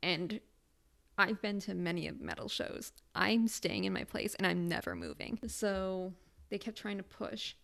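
A woman's voice: mid-range voice, animated, a little slow, vocal fry, fairly bright tone. A young woman in her twenties, co-hosting a podcast and telling a story in casual, profane chat. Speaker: podcast co-host.

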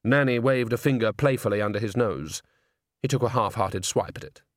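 A man's voice: on the low side, fairly quick, no echo. Man narrating an audiobook, dry studio sound. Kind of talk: scripted narration.

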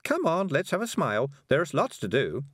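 A man's voice: fairly high pitch, wildly swooping pitch, normal speed, a bit bright, no room sound, studio quality, voice pushed up, full character voice. A man putting on a fussy kindly witch woman. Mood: concerned. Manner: fussy, busy, cheerful. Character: anxious kindly middle-aged woman witch.

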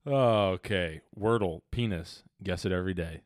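A man's voice: low voice, normal speed, no room sound, studio quality. Rambling young man, casual banter. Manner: rambling, casual, swears often. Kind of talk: casual chat.

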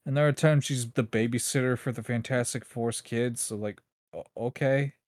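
A man's voice: mid-range voice, fairly even intonation, moderate pace, darkish tone, no room sound. A man co-hosting a podcast, chatting casually with dry, wry remarks. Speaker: podcast co-host. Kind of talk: casual chat.

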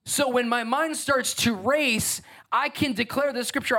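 A middle-aged man preaching a sermon as pastor, conversational and emphatic, swinging from soft to loud. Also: very high voice, lively intonation, moderate pace, few pauses.

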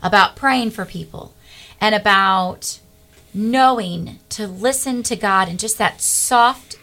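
Bright-voiced middle-aged woman telling her story. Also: mid-range voice, slow. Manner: earnest, animated storytelling. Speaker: guest. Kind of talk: personal faith testimony.

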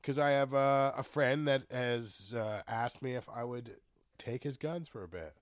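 A man's voice: medium pitch, measured pace, no echo, clean studio sound. A young man co-hosting a podcast in casual chat, joking and swearing as he rambles. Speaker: podcast co-host.

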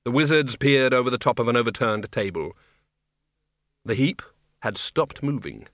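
A male narrator reads a comic fantasy audiobook with a dry, measured delivery. His voice is bright and forward. The studio is dry and close. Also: mid-range voice, animated, dry recording. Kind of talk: scripted narration.

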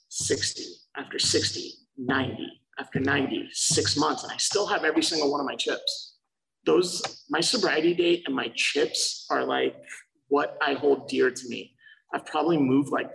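A man's voice: mid-range voice, gravelly, a bit bright, far from the mic, a little hiss or hum, rough recording. A young man casually telling his recovery story, swearing freely and acting out past conversations. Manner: profane, loose, acts out quoted exchanges.

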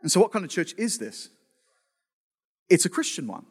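A man's voice: high-pitched, very animated, normal speed, breathy edge. A male pastor preaching a sermon in a conversational way, often restarting with repeated words and making joking asides. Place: church auditorium. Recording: long reverb of a church hall.

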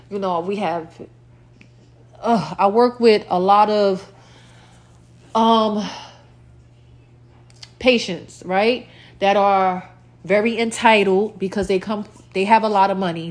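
A woman hosting her own podcast in a rambling, casual solo chat, with lots of fillers and repeated lines, her mouth a little dry. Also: medium pitch. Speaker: podcast host.

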